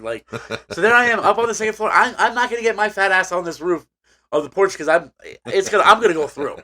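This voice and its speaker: A man's voice: high-pitched, quick pace, pushed and bright. A man co-hosting a casual podcast, telling a long rambling story with many restarts and fillers. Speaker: podcast co-host. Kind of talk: casual chat.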